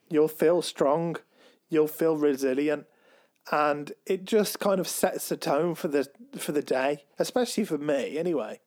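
Man, podcast co-host, slow hesitant casual talker, somewhat high voice. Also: darkish tone. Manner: slow, hesitant, many ums and restarts. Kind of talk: casual chat.

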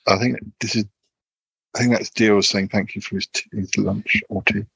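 A man's voice: fairly low pitch, fairly even intonation, normal speed, creaky, fairly bright tone, slightly rough, no echo, poor audio. A man hosting a podcast, reading out film quiz questions in a casual, hesitant way. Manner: hesitant, lots of ums and restarts. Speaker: podcast host.

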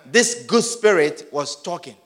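A man preaching a sermon, emphatic and sing-song, swinging from soft asides to shouted peaks, with repeated call-and-response. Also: high-pitched, lively intonation, a little slow. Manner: repetitive call-and-response style.

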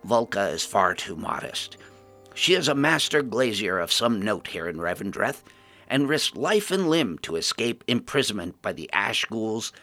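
A flamboyant vampire duke addresses his guests with courtly theatrical flair, as a male storyteller plays him. His voice is bright and lively, rising and falling freely. He belongs to a fantasy storybook reading. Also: on the low side, no echo, heavily acted.

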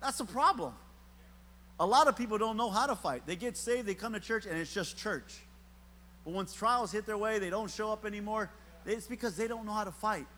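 A man's voice: high voice, brisk, pushed and bright, slight background noise. A middle-aged man preaching a sermon in a church, telling a story with humor and talking straight to the congregation. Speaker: pastor. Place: church sanctuary. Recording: long hall reverb.

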